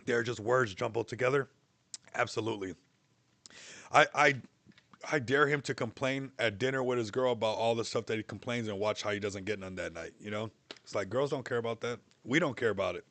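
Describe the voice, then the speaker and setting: A man's voice: medium pitch, a little fast, fairly bright tone, dry recording. A young man hosting a livestream, talking in a loose, rambling way, mocking and laughing often. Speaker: livestream host. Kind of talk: casual livestream chat.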